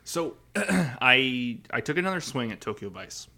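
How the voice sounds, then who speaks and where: A man co-hosting a casual podcast chat, agreeable and quick to laugh. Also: medium pitch, sing-song, sharp tone. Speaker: podcast co-host.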